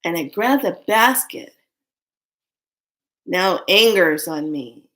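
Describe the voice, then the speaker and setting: A woman telling an emotional personal story, earnest and intense, sometimes dropping to a hushed whisper and sometimes rising in anger. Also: lowish voice, lively intonation, takes it slowly. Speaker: storyteller recounting a loss.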